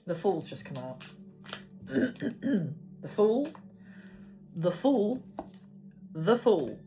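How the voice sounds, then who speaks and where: A woman's voice: mid-range voice, big pitch swings, very slow, warm tone. A woman giving a casual tarot card reading, chatty and swearing casually as she talks. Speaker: tarot reader. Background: background music.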